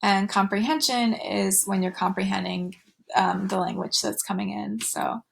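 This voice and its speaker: A woman's voice: mid-range voice, fairly even intonation, normal speed, creaky. A woman teaching a recorded slide lecture, with fillers and restarts, going sing-song when she models talk to children.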